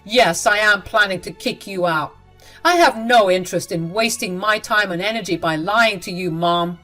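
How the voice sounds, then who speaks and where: A woman voicing an angry young husband who speaks loudly and sternly to his mother. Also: medium pitch, moderate pace, soft background music, close to an everyday voice. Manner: loud, stern, confrontational.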